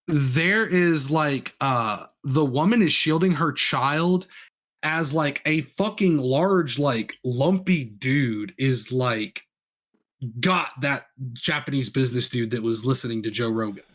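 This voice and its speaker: A man's voice: mid-range voice, slow, fairly bright tone. A man running a tabletop game as game master, narrating loosely with lots of fillers and restarts.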